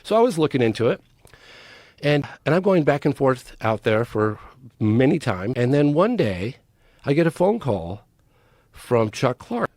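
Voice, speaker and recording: Male podcast guest, storyteller, emphatic and animated; lively swings in pitch, dry close mic. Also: no room sound. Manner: acts out quoted voices, emphatic.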